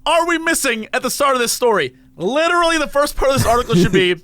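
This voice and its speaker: A man co-hosting a comedy podcast, riffing loudly and reacting with exclamations. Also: very high voice, fast, no echo. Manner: animated, exclaiming, riffing with jokes. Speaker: podcast co-host. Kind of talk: casual comedic chat.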